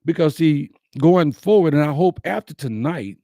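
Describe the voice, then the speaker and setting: A man hosting a talk, speaking slowly and emphatically, repeating his key lines to his listeners. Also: fairly high pitch, lively intonation, warm tone, no echo, studio quality. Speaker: host. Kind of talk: inspirational talk to a live audience.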